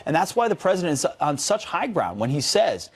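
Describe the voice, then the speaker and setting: An animated man co-hosting a weekend morning news show. His voice sits a little high and swings widely in pitch as he banters and presses his points with emphasis. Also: fairly quick, slightly rough.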